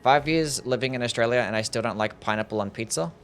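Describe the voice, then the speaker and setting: A man's voice: mid-range voice, quick pace, fairly bright tone. A young man streaming a game, chatting casually with his chat, laid-back, laughing easily and swearing often. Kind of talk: casual livestream chat while gaming. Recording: music playing faintly behind.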